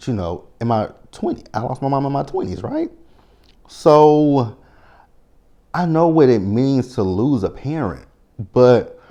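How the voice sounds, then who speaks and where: A young man giving sassy, animated commentary in a casual chat, telling a story with mock voices. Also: mid-range voice. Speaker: commentary host.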